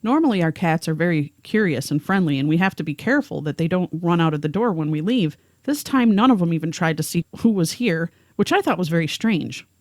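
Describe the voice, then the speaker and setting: A woman's voice: lowish voice, lively intonation, a little fast, hardly any pauses, dry recording, studio quality. A woman co-hosting a podcast, narrating a first-hand story and reading the witness's words aloud. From rural area. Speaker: podcast co-host.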